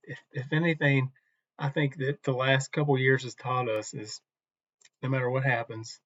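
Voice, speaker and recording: A man teaching from the Bible in a relaxed, conversational devotional talk, unhurried and with some restarts. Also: mid-range voice, no room sound, dull audio.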